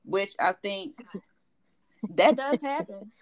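A woman cohosting a podcast in casual chat, candid and expressive, acting out quotes as she tells stories. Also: medium pitch, slow pace.

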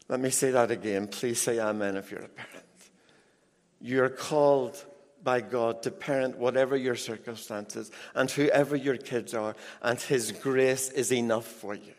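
A middle-aged man preaches to his congregation with emphatic, animated delivery and quick asides. He talks at an unhurried, measured pace, his voice sitting in an ordinary middle register. Long reverb from the large church hall trails behind every phrase. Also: mid-range voice. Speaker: pastor. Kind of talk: sermon.

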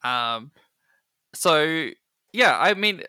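On a podcast, a male co-host chats casually and loosely, filling his speech with fillers and little laughs, sounding amused. His fairly high voice is animated, pushed and bright, clear and resonant, and he talks extremely slowly. There's no echo; the audio is clean studio sound.

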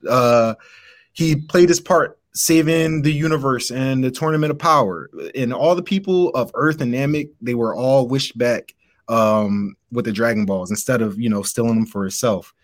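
A man's voice: medium pitch, normal speed. A man making his case in a casual debate, laid-back and rambling with plenty of fillers.

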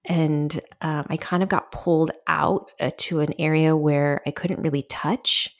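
A woman's voice: low-pitched, fairly even intonation, measured pace. A middle-aged woman hosting a solo podcast, telling a personal story in a candid, chatty way with lots of fillers. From Southern California. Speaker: podcast host.

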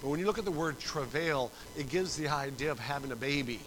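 A middle-aged man preaching a sermon, telling stories with acted-out voices and swinging from soft to loud. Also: fairly high pitch, fairly quick, slight background noise, poor audio. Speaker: pastor.

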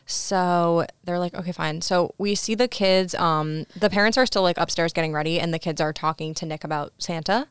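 A young woman co-hosting a casual chat, acting out quotes from a film with lively voices. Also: fairly low pitch, normal speed, hardly any pauses, smooth, dry recording, clean studio sound. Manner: animated, acts out quotes from scenes. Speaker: podcast co-host.

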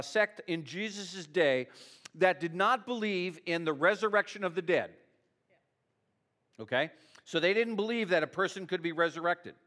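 A man's voice: high-pitched, a bit bright. A middle-aged male pastor preaching a sermon in a conversational, emotional way, often adding "you know" and "okay".

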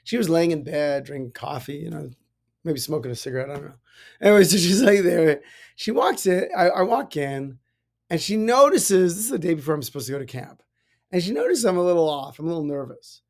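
A man, a rabbi, giving a casual spiritual talk and telling personal stories, animated with many restarts. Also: a little high, fairly quick, gravelly. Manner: animated storytelling with frequent restarts and laughs. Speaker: rabbi, podcast host.

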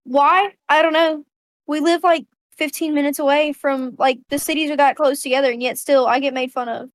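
Casual podcast guest: woman, high voice, chatty. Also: steady tone, fairly quick, dry recording. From northwest Louisiana.

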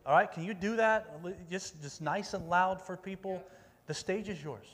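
A male youth pastor gives a casual sermon, upbeat and chatty, and he keeps rallying the crowd. His voice sits a little higher than most men's. It rings out with the long reverb of a large meeting hall. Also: normal speed, fairly bright tone, slight background noise. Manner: upbeat, rallies the audience, calls out for volunteers. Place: church meeting room with an audience.

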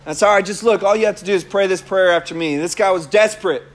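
High-voiced man preaching with animated stories. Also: fast talker. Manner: animated storyteller who laughs often. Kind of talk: sermon with personal testimony.

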